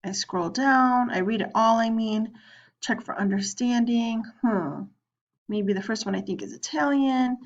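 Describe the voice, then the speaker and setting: A woman with a slightly high voice moves a little slowly through an online lesson in a screen recording. Chatting casually as she clicks, she voices her students' questions and takes both roles. The sound is lo-fi.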